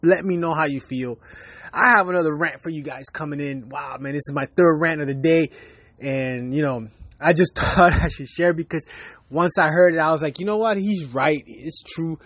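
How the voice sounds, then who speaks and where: A man's voice: fairly high pitch, moderate pace, a bit bright, no room sound. A man in his thirties hosting his own podcast, ranting loosely with lots of profanity and laughter. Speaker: podcast host. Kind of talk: casual ranting monologue. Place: Miami.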